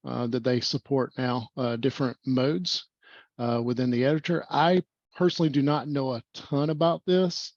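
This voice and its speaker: A man hosting an online developer meetup on a video call, talking fast and rambling with many fillers. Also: mid-range voice, gravelly, darkish tone, no echo, dull audio. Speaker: meetup host. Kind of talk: casual online meetup presentation.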